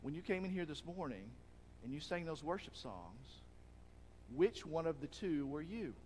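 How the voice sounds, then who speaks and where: Male pastor, sermon, animated delivery, somewhat high voice, church-hall reverb. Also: moderate pace, slight background noise. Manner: animated, acts out crowd shouts.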